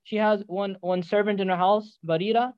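A man's voice: sits high, fairly even intonation, moderate pace, smooth, muffled recording, lightly acted. A man voicing a blunt, brotherly man giving frank advice. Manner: blunt, matter-of-fact.

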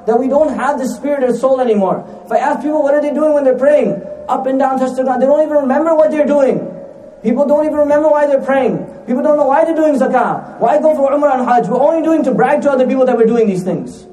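A man's voice: extremely high pitch, fast, mellow, reverberant, far from the mic, slight background noise, poor audio. A man preaching a sermon, repeating lines for emphasis, asking rhetorical questions and mixing in recited Arabic phrases.

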